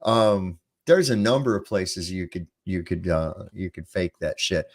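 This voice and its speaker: A man's voice: low voice, lively intonation, measured pace. Rambling, profane male podcast host. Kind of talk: casual podcast chat.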